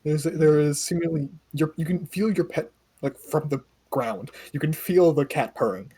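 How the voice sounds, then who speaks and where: A man narrating as game master of a tabletop game, relaxed and halting with many fillers. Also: a little high, slightly rough.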